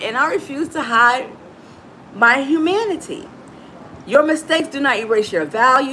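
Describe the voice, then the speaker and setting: A woman's voice: fairly high pitch, sharp tone, a little hiss or hum, poor audio. A middle-aged woman hosting a live motivational talk, emphatic and preachy, calling her listeners "baby". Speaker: motivational coach and host.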